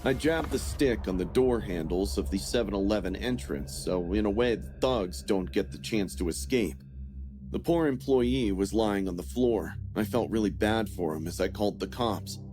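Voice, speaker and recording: A man giving a scripted first-person horror narration in a steady, grim storytelling manner. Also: on the low side, normal speed, over music.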